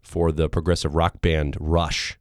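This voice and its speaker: A man co-hosting a casual podcast, his voice hoarse and run-down, deep and rough, talking in an easygoing way. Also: little pitch movement, unhurried, dry recording, clean studio sound. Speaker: podcast co-host.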